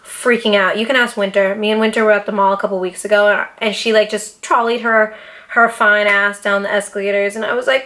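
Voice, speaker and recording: A young woman talking straight to her camera in a casual sit-down vlog, animated, dramatic and full of swearing. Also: mid-range voice, brisk. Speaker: YouTuber. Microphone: camera mic, seated in front of camera.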